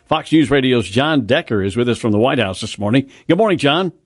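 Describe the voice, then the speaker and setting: A man's voice: mid-range voice, lively intonation, a little fast, slightly rough, no echo. A man hosting a local morning radio news show, reading headlines and chatting with guests in a conversational way. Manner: conversational, with small fillers.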